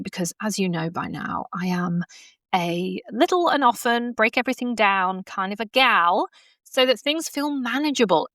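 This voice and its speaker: With a medium-pitched, fairly bright voice and no echo, a woman hosts her coaching podcast at home at her laptop, recording on a laptop podcast mic. She's a horsemanship coach who chats casually, laughing often and using lots of fillers.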